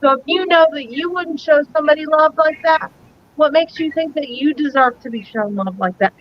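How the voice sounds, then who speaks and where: A woman's voice: high-pitched, moderate pace, dull audio, slight background noise. A woman co-hosting a live psychic talk show, speaking earnestly and emphatically, repeating her key points. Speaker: psychic co-host.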